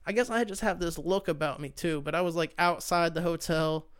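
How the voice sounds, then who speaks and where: A man's voice: a little high, fairly quick, fairly bright tone, clean tone. A young man hosting his own podcast, talking loosely and sarcastically, with plenty of swearing. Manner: loose, profane, sarcastic ranting. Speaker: podcast host. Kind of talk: casual solo podcast chat.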